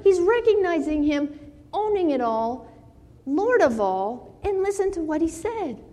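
Woman preacher, mellow and unhurried, in a church with long reverb. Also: extremely high pitch, expressive. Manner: slow earnest preaching, rising to pleading in quoted scripture. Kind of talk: sermon.

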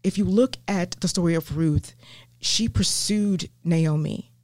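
A woman with a Southern US accent, a guest teaching the Bible in an interview, earnest and animated with many ums and restarts. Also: on the low side, a little slow, no echo, studio quality. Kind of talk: faith podcast interview.

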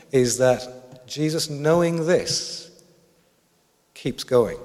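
A man with a medium-pitched, slightly mellow voice gives a reflective sermon. He asks the congregation many questions, his words echoing with long hall reverb.

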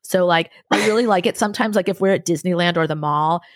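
A woman in her forties talking as a podcast guest, telling candid stories with lively acted-out quotes and casual swearing. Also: lowish voice, quick pace, no room sound, clean studio sound. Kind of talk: candid conversational storytelling.

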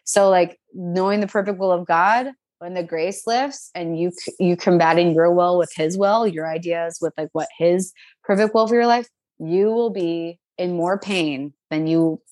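A woman in her twenties telling a personal story in a casual, animated, chatty way, full of fillers. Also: fairly low pitch, normal speed, no echo.

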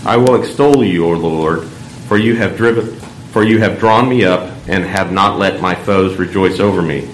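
A man reading scripture aloud in church, measured and solemn. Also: sits low. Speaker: lector. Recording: echoey church room, faint background hum.

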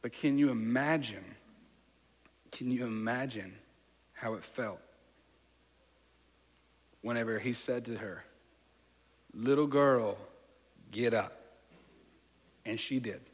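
A pastor giving a sermon, retelling a story in a casual, conversational way and asking listeners to imagine the scene. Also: male voice, medium pitch, unhurried, pauses often, husky. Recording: long reverb of a large hall.

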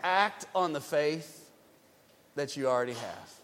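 A man preaching a sermon as pastor, swinging between loud urgent lines and quiet hushed ones. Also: on the high side, animated, a little slow, big-room sound.

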